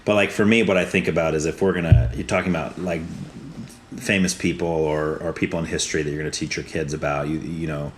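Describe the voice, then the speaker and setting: A man hosting a casual podcast chat, asking probing questions and gently pushing back. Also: very deep voice, level tone, fast talker, slight background noise. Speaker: podcast host.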